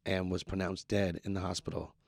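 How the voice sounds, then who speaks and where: A man from New York, a musician guest, talking candidly in an interview with halting restarts and frequent fillers. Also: low voice, little pitch movement, creaky, a little mellow, no echo. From New York, USA.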